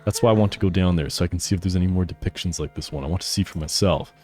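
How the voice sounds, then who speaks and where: A man's voice: sits low, very fast, a little mellow, faint music behind, natural voice. A man voicing an eager, headstrong young girl researcher, pleading as he reads her game lines.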